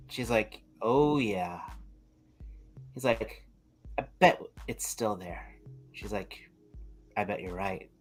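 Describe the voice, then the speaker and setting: A man's voice: mid-range voice, poor audio. A man co-hosting a live toy podcast, telling a long joke and acting out the characters' lines. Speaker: podcast co-host.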